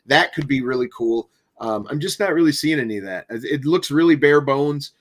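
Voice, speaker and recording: A man co-hosting a casual gaming podcast, talking in a relaxed, rambling way and often restarting his sentences. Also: a little high, a little fast. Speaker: podcast co-host.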